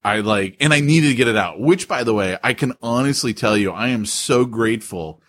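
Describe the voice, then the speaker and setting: A man co-hosting a podcast in casual chat, emphatic and animated, often saying "dude". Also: medium pitch, fairly quick. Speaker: podcast co-host.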